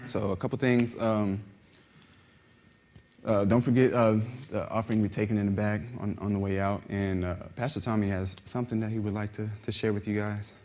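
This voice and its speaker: A young man speaking as a minister, giving an informal sermon in a conversational, halting way with many restarts. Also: on the low side, fairly even intonation, a little mellow.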